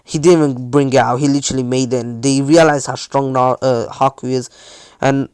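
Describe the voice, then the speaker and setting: A man's voice: mid-range voice, fairly even intonation, a little fast, a little mellow, clean tone, no echo. A man improvising a fan fiction story as narrator, rambling with many fillers and restarts. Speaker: channel host, storyteller.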